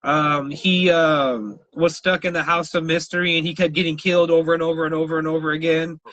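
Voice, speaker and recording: Man, high pitch, dry recording, animated storytelling, profane, laughs a lot. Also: fairly quick, no echo, dull audio. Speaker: podcast co-host. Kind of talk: casual podcast chat.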